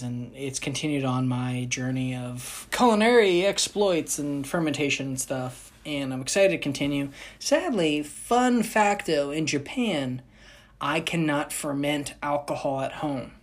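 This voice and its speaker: A young woman with a notably low voice talks casually to her viewers. She rambles, circling back and correcting herself as she goes. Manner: rambling, frequent restarts and self-corrections. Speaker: vlogger. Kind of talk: casual chat.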